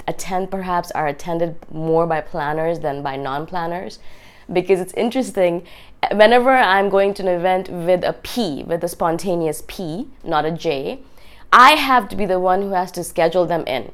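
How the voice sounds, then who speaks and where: A woman hosting her own channel, talking casually to camera in a voice made raspy and hoarse by a cold, chatty and often checking in with "right?". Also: lowish voice. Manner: chatty, keeps asking "right?". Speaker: video host.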